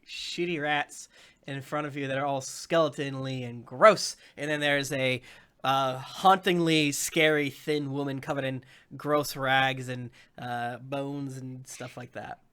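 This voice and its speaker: A man's voice: medium pitch, steady tone, unhurried, fairly bright tone, clear, resonant tone. A man narrating a tabletop game as game master, rambling through his descriptions with lots of fillers.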